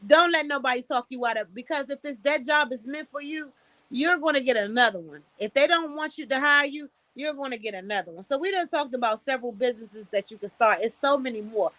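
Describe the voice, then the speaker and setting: Blunt, bright-voiced woman streamer. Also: high-pitched, brisk, no room sound. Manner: blunt, profane, preachy advice with storytelling. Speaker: livestream host. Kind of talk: casual livestream talk. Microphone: streaming setup, close mic.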